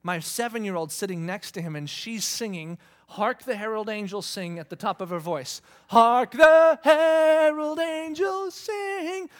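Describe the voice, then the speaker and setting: A man in his thirties preaching a sermon, telling a funny story about his kids and acting out their shouting. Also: high-pitched, normal speed, hardly any pauses. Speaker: pastor. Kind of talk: sermon with humorous family story.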